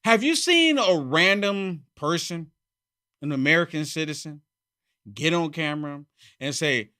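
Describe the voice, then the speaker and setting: A man hosting his own political commentary monologue, emphatic and repeating his points, swinging from loud outbursts to muttered asides. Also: on the high side, animated, unhurried. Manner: emphatic, repeats phrases for effect. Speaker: channel host.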